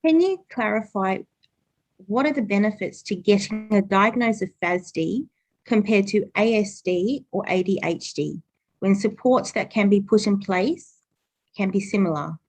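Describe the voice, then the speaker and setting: A woman's voice: medium pitch, unhurried, darkish tone, rough recording. A woman moderating a webinar who asks brief, direct questions.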